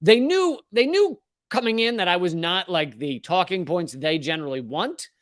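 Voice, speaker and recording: A male comedian from the Southern US delivers a fiery, profane political rant, tripping over his words as he pushes ahead. His voice sits high and sounds dry and close. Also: expressive, normal speed, no echo. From Southern United States. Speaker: comedian host.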